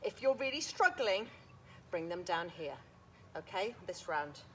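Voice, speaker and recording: A woman's voice: on the low side, very animated, a little slow. Woman, fitness instructor, slightly out of breath, encouraging, counting reps, outdoors, faint background noise. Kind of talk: live online workout class.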